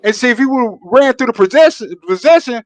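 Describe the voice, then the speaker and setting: High-voiced man pushing back, dry sound. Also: lively intonation, a little fast, no room sound. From Alabama. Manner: persistent, keeps trying to cut in. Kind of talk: heated sports debate.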